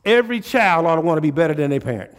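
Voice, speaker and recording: A male pastor preaches in a casual, conversational dialect, keeping his congregation in call-and-response with rhetorical questions. His voice sits a bit high for a man. It echoes through a church hall with a long reverb tail. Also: lively intonation, very fast. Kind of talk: sermon.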